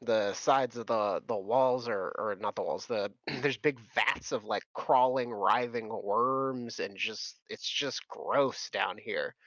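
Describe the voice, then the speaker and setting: A man's voice: on the low side, slow pace, few pauses, fairly bright tone, no echo, highs cut off. A man narrating a tabletop game as game master, rambling loosely and laughing between restarts.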